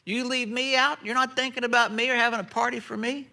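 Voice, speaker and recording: A preacher acting out an indignant older brother. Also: male voice, a little high, big pitch swings, normal speed, gravelly, bright, forceful tone, pitched below the performer's own voice, full character voice. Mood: outraged. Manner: indignant, complaining. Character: resentful dutiful older brother, young man.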